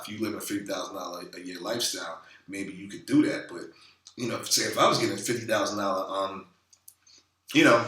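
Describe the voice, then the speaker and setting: A man with a low, forceful, bright-edged voice talks off the cuff, swearing freely and circling back with fillers. The sound is roomy and echoey, picked up from a bit away from the mic. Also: recorded from a distance. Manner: loose, profane, rambling with many fillers. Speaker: vlogger. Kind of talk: casual talking-head monologue.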